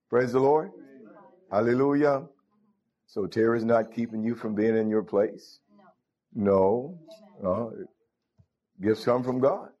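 A man delivers a sermon at a middle pitch. He quotes scripture in old biblical wording and punctuates his points with cries of praise and quick rhetorical questions. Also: dark tone, highs cut off. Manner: scripture-quoting, call-and-response exclamations. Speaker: preacher.

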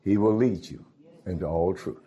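A man's voice: low voice, moderate pace, warm tone, muffled recording. A man preaching a sermon, calling out to his congregation. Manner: folksy, calls out to the congregation.

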